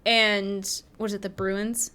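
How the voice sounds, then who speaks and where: A woman co-hosting a podcast in casual chat, telling stories in an animated way and swearing often. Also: mid-range voice, a little slow, clean tone. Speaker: podcast co-host.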